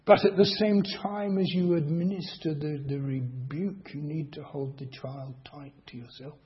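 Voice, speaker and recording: A man preaching a sermon slowly and deliberately, asking the congregation rhetorical questions. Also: on the high side, steady tone. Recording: dull lo-fi recording.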